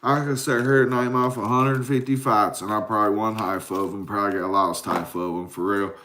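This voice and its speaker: A man's voice: lowish voice, steady tone, a little fast, noisy background. A man in his forties rambling and cussing on a late-night livestream, tired and answering viewers. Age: 40s. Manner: rambling, profane, drowsy. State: tired from a caffeine crash. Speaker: livestream host.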